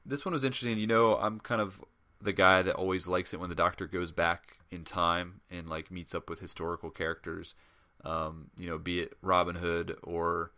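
Deep-voiced man hosting a casual podcast. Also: flat delivery, normal speed, bright, forceful tone. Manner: rambling, many fillers and restarts. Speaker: podcast co-host. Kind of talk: casual chat.

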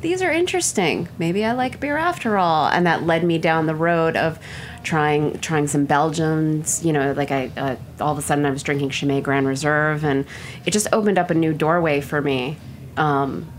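Low-voiced woman talking beer casually. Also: fairly even intonation, moderate pace, a little hiss or hum. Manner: chatty, lots of fillers. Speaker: bar owner and beer buyer. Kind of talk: casual chat.

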